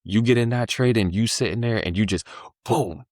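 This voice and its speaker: A deep-voiced man chats casually as a podcast guest, loose and slangy as he tells his story. The sound is dry and close, with no room around it. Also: moderate pace, no room sound. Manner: laid-back slangy storytelling, animated when voicing the market.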